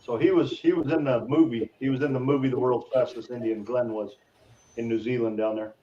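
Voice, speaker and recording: A man's voice: mid-range voice, steady tone, brisk, warm tone. A man in a casual live-stream chat, speaking hesitantly and trailing off mid-thought. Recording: dull, echoey, distant, faint noise.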